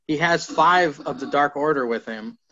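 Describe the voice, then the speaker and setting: A man co-hosting a casual wrestling podcast, retelling scenes in an animated way and swearing freely. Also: fairly high pitch, normal speed. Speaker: podcast co-host. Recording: lo-fi podcast audio.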